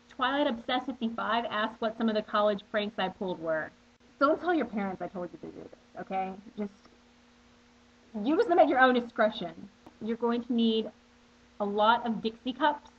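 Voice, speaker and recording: A woman's voice: medium pitch, husky. A young woman in her twenties chatting to camera as she answers viewer questions, bubbly and playful, with plenty of asides. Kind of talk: casual chat to camera. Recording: dull lo-fi webcam audio.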